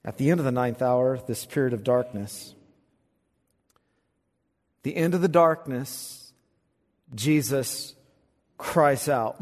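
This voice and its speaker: A man preaching an expository sermon, swinging from quiet, low asides to loud, fervent recitation of scripture. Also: slow pace, pauses often. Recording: long hall reverb.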